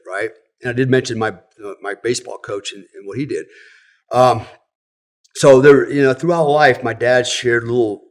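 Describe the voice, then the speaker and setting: A middle-aged American man, a former special forces operator, telling a personal story in casual conversation, frank and profane, with many "you know"s and "right?"s. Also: medium pitch.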